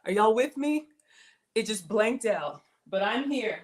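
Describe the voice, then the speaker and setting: A woman's voice: fairly high pitch, animated, a little slow. A woman with a Southern US accent hosting a casual cooking livestream, chatting with viewers and thanking them often, trailing off and restarting her sentences. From Southern United States.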